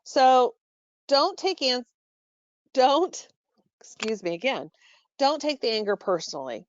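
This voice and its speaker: A woman presenting a staff training call, instructive and steady, with frequent fillers and self-corrections. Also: sits high, a little slow, highs cut off. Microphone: call microphone.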